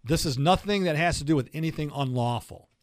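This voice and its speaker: Man, show host, chatty and rambling, slightly higher voice. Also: brisk, no echo, clean studio sound. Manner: animated, rambling, frequent restarts. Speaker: radio show host and lawyer. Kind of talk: casual talk-radio chat.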